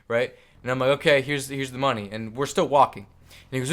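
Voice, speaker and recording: A young man with a medium-pitched voice talks fast in a storytelling vlog. He tells a rambling, animated story packed with swearing, filler words and frequent "like".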